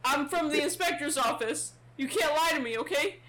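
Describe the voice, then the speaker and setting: A woman's voice: high-pitched, moderate pace, over a noisy crowd, voice pushed up, lightly acted. A woman doing a frantic, flustered male station guard. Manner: frantic, repeating himself.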